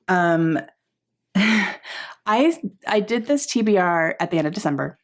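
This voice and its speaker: A woman vlogger chatting casually to camera about books, often laughing and filling pauses with "um". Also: medium pitch, lively intonation. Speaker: book vlogger.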